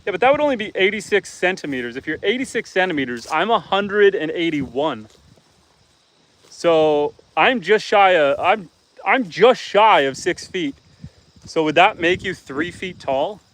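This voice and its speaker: A middle-aged man from Canada livestreaming outdoors on his farm, casually chatting, reading viewer comments and gently teasing them. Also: high-pitched, expressive, measured pace, low-quality recording. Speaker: homestead livestreamer.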